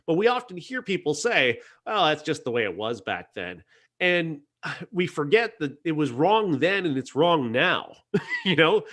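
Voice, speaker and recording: A man's voice: on the high side, a bit bright. A man reviews a film on a podcast in an earnest, conversational way. He often stops and restarts his sentences while he works through his thoughts. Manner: earnest, hesitant with many restarts.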